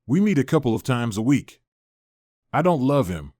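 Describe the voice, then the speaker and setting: A man voicing a calm, self-justifying unfaithful wife in a told story, with a measured, even delivery. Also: medium pitch, dry recording, clean studio sound. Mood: calm pleading. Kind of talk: storytelling narration.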